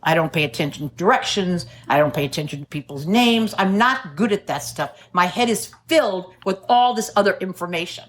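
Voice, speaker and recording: A woman's voice: on the low side, lively intonation, a little fast, few pauses. A middle-aged woman from New City, giving a wry, self-mocking share at a recovery meeting and laughing often. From New York City. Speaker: AA speaker.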